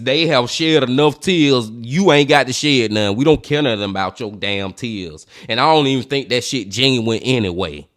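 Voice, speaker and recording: Blunt, bright-voiced man reacting. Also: mid-range voice. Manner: blunt, profane, exasperated. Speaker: reaction video host. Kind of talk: casual reaction commentary.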